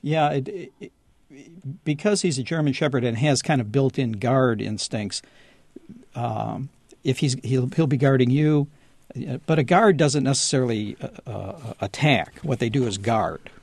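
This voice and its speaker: A man with a gravelly, fry-laden voice talks through dog behavior on a call-in radio show. He is easygoing and slips into little acted-out lines. The sound is dry and close. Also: mid-range voice, moderate pace, a little mellow, dry recording. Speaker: dog trainer guest.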